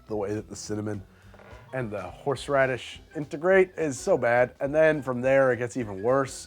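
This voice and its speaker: A man hosting a cocktail show, reviewing bad drinks with theatrical disgust and deadpan asides. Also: medium pitch.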